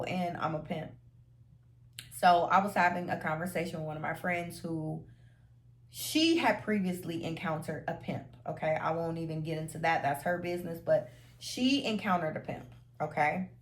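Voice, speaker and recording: A woman telling a personal story to camera in a casual vlog, chatty and animated, acting out what people said in slangy talk. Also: lowish voice. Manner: animated, acts out quotes, slangy. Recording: roomy echo.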